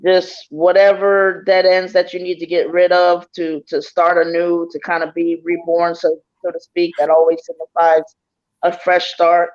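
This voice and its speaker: A man with a notably high voice, talking slowly through a spiritual reading. He hesitates often and fills gaps with ums, and the sound is muffled and lo-fi. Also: monotone. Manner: hesitant, many ums, reflective. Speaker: tarot reader and co-host.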